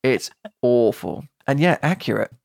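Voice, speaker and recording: Guy joking around on a podcast, playful and mock-stern, gravelly, bit of fry. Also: medium pitch, expressive, a little slow, a little mellow, dry recording, studio quality. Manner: playful, mock-stern, quotes lines in put-on voices. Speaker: podcast co-host. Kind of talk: casual banter.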